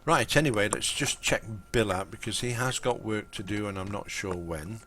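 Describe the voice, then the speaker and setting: English male streamer, low-ish voice, rambling easy chatter to viewers while he plays. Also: moderate pace, bright, forceful tone, slight background noise. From Lincolnshire, England. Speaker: game streamer. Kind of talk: casual live-stream commentary.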